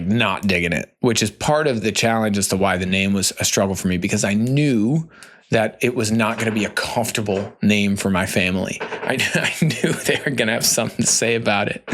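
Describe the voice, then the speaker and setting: An American man in his thirties, hosting a candid solo podcast in a loose, conversational way, with lots of "like" and "you know". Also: mid-range voice. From United States. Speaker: podcast host.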